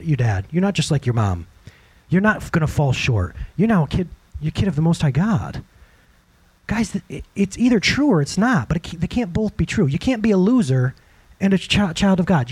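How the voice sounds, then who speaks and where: A man preaching with a high, husky voice that swoops up and down. He talks straight to the congregation, asks them questions again and again, and breaks into acted-out quotes. It is a lively sermon delivered in a church hall. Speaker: pastor.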